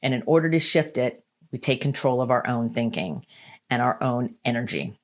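A woman giving a motivational self-help talk, earnest and emphatic, repeating her key lines and slowing down to stress them. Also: very deep voice. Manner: slows down to stress points. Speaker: motivational speaker.

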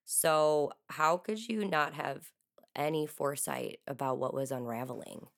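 A woman co-hosting a podcast, bluntly and quickly recapping a friend's story. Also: sits low. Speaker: podcast co-host. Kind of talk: casual podcast chat.

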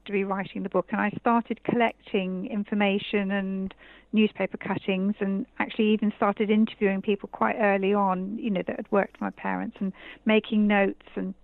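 A woman's voice: mid-range voice, flat delivery, moderate pace, vocal fry, no room sound. An older woman, an author, talking in a chatty, rambling way with many fillers in an interview. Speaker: author guest. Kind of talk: casual interview. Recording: tinny dry phone line.

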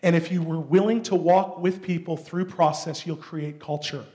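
A man preaching a sermon in an earnest storytelling manner that rises to shouts. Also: fairly high pitch, steady tone, moderate pace.

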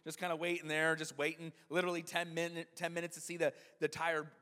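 This male pastor's voice is a little high, sharp, clear and resonant, with a level tone and fast delivery. He preaches conversationally and keeps checking in with the congregation through frequent "right?" questions. The recording has long hall reverb.

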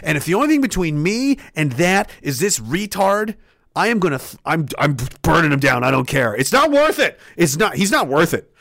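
A man's voice: a little high, very animated, normal speed, gravelly, fairly bright tone, dry recording, studio quality, heavily acted. A man playing a panicky, foul-mouthed young male soldier who rants frantically. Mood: frantic. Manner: frantic, profane ranting.

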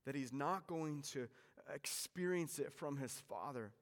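A man preaching with animated storytelling energy, his voice sitting a little high for a man. He swings between loud emphasis and quiet, hushed passages. The sound rings out with the long reverb of a large hall. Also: a little slow. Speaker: pastor. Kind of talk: sermon.

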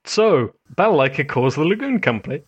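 A man's voice: on the high side, sing-song, a little fast, slightly rough, dull audio. Enthusiastic man chatting about anime. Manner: enthusiastic, swears freely, laughs often. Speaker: podcast co-host. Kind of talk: casual anime review chat.

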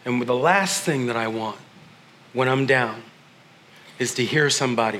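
A man preaching a sermon as pastor, animated, acting out quoted voices and dropping to a hush. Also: medium pitch, moderate pace, long pauses, slight background noise.

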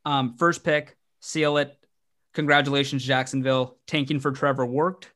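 A man's voice: medium pitch, normal speed. Guy hosting a sports podcast, jokey and rambly, keeps restarting, fired up. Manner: energetic, joking, rambling with restarts. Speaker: podcast host. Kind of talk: casual sports podcast chat.

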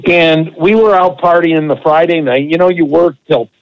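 A man co-hosting a podcast, telling a long, animated, profane anecdote in a casual way. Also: on the high side, normal speed, clean tone, dull audio. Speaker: podcast co-host. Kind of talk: casual storytelling.

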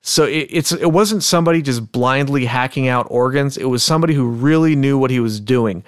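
A man's voice: mid-range voice, smooth, no room sound. Man reading grim testimony, dry sound. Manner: reads testimony aloud in a measured, deliberate way. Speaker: podcast co-host. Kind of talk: casual true-crime podcast chat.

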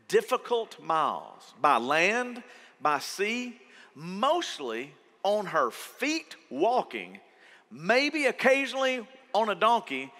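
A man preaching a sermon as pastor, animated, acting out worried voices. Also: high voice. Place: church auditorium. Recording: long church hall reverb.

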